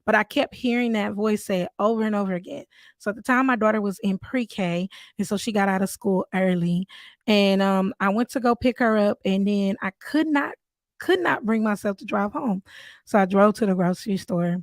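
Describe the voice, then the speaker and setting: A woman's voice: medium pitch, normal speed, no echo. A woman, a mother, hosting a podcast and telling a personal faith story in an earnest, storytelling manner. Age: adult, mother of three. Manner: earnest, storytelling, with warm asides. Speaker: podcast host.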